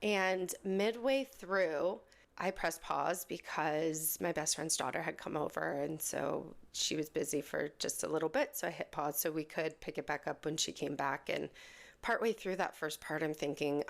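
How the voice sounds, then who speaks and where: A woman's voice: low-pitched, fairly even intonation, moderate pace, vocal fry. A woman hosting a podcast, chatting heartfelt and casually as she opens an episode. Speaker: podcast host.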